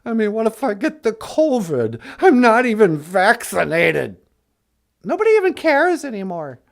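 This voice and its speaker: A man's voice: sits high, wildly swooping pitch, normal speed, creaky, voice pushed down, full character voice. A man voicing a nervous, whiny male lion on a puppet comedy podcast, stammering in a panic. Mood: panicky.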